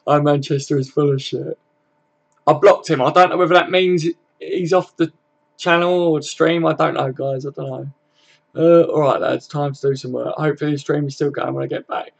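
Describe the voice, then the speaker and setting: Gravelly man hosting a late-night fan stream. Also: a little high, fairly even intonation, normal speed. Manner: laid-back, swears freely, chuckles often. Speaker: football fan live-stream host. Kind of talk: casual live-stream chat, reading comments aloud.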